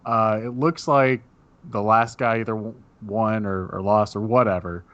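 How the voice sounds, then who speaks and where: A man's voice: lowish voice, steady tone, normal speed, dull audio. A man narrating as game master, describing scenes in a loose way full of fillers.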